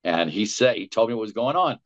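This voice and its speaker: A man, a voice actor, telling lively stories in an interview and acting out the dialogue he quotes. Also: fairly low pitch, a little fast. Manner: animated storyteller, acts out quoted dialogue. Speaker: voice actor guest. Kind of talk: storytelling interview. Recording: dull lo-fi audio.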